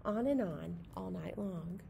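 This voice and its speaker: A gentle owl narrator, read by a woman. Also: lowish voice, creaky, slight background noise, pitched below the performer's own voice. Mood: tender. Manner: soft, tender, unhurried reading. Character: gentle night owl telling its own story. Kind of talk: picture-book read-aloud.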